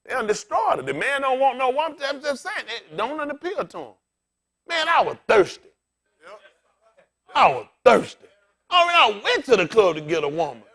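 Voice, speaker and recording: In a very high voice, a little fast and with hardly any pauses, a bald pastor who is getting older preaches to his congregation. He talks straight to them, animated and joking, in a humorous, conversational sermon.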